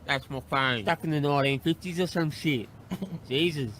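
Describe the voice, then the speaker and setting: A man's voice: fairly high pitch, moderate pace, a bit bright, a little hiss or hum, lightly acted. Man doing a crude Australian lad. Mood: mocking. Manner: crude, sneering, heavy swearing. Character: brash young Australian lad mocking a friend. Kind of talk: comedy sketch.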